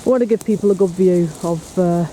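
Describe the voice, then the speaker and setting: Man, high voice, mellow tone, chatty vlog narration, outdoors, faint wind noise. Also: fairly quick. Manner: chatty, teasing, talks to camera. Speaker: paranormal investigator vlogger. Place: outdoors on a windy hill and in woods.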